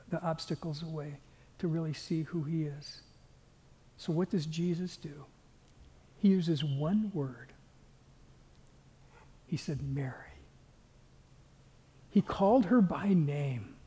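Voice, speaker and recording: A man with a high, husky voice preaches a sermon in a church sanctuary, earnest and at times sinking to a near whisper. The tone is mellow and dark, and his words ring out with a long hall reverb. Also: slow pace, pauses often. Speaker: pastor.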